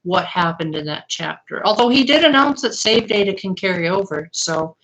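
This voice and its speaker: A woman's voice: mid-range voice, lively intonation, moderate pace, fairly bright tone, poor audio. A young woman streaming live, chatting casually and answering her viewers' comments.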